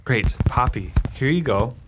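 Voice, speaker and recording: A man playing a tabletop game, speaking earnestly and slightly haltingly in character. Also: medium pitch, animated, noisy background. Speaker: player. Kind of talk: tabletop role-play.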